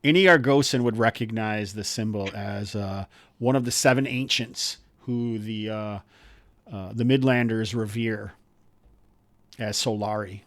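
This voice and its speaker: A man running a tabletop game as game master, talking in a relaxed, rambling way with many fillers. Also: on the low side, unhurried, no echo.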